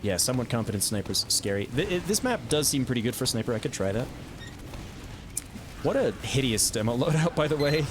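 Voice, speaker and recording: A man streaming a video game, chatting casually about his plays with self-amused asides and quick reactions. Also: mid-range voice, expressive, noisy background. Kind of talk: casual gameplay commentary.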